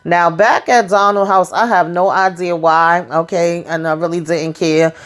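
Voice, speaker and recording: A woman's voice: lowish voice, steady tone, a little slow. A woman giving a chatty, slangy recap of a TV episode, talking straight to her viewers. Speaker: TV recap vlogger.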